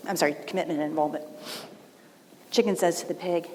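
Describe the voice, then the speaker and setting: Lower-voiced woman giving a keynote in a hall. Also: steady tone, fast, a little mellow, a little hiss or hum. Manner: conversational, storytelling, frequent "right?" asides. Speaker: keynote speaker. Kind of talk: conference keynote speech. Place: large event hall. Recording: long hall reverb, faint ambience.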